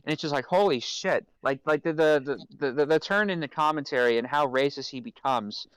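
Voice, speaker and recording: A man's voice: on the high side, brisk, smooth, no echo, poor audio. A man on a podcast, talking casually about a film and stammering, repeating words over and over. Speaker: podcast co-host.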